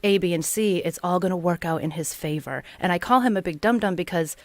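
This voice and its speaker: A woman on a fan podcast panel, talking things over in loose, repetitive chat. Her voice sits a little low, and the recording is close and dry, with no room sound. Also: fairly quick, no room sound. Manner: chatty, repeats herself, laughs often. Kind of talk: casual chat.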